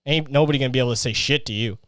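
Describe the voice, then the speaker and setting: A man's voice: mid-range voice, very fast, fairly bright tone, clear, resonant tone, no echo, clean studio sound. A young man hosting a solo comedy podcast, ranting profanely and acting out voices while sweating in a heatwave. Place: his hot bedroom.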